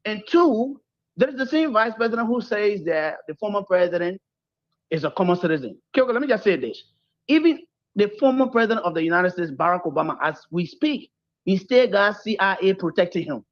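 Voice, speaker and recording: Measured male caller on a muffled line. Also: sits high, animated. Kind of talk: call-in opinion.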